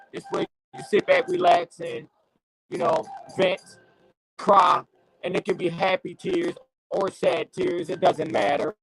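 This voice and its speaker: A man hosts his podcast in a gravelly voice that sits a little high for a man. His delivery is preachy and builds into impassioned, cursing rants. The sound is close and dry, with no room around it. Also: fairly bright tone, no room sound, low-quality recording. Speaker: podcast host. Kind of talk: casual podcast monologue.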